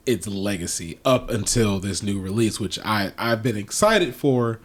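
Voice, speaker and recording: A man with a lowish voice chats casually as a podcast co-host. He rambles and restarts his sentences often, and he swears easily. His delivery is loose and conversational. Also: lively intonation, a little slow. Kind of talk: casual chat.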